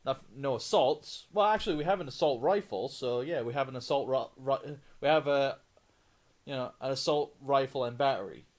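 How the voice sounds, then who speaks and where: A man's voice: mid-range voice, moderate pace. A Scottish man casually commenting on a live game stream, rambling and correcting himself as he plays. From Scotland. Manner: rambling, self-correcting, giggly.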